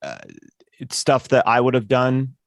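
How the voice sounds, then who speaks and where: A man hosting a podcast, reflecting in a measured, thoughtful way with hesitant ums. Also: mid-range voice, very animated, no echo, studio quality. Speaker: podcast host. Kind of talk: interview reflection.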